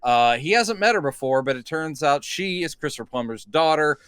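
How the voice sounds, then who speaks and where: A man's voice: on the high side, expressive, moderate pace, a bit bright, clear, resonant tone, no echo. A man co-hosting a podcast, casually retelling movie scenes and quoting the characters as he goes. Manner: rambling, retells scenes with quoted voices. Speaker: podcast co-host. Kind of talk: casual film discussion.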